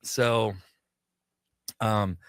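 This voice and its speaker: A man's voice: lowish voice, steady tone, extremely slow, clear, resonant tone, dry recording, studio quality. A man who is a guest on a radio talk show, telling a long personal story in a chatty way and acting out the dialogue. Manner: chatty anecdotal storytelling, acts out quoted dialogue. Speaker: guest, pop culture shop owner.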